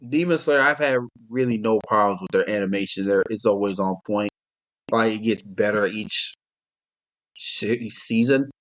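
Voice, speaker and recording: A young man co-hosts a casual podcast in a lowish, slightly bright voice at normal speed. He rambles in a laid-back way and laughs often.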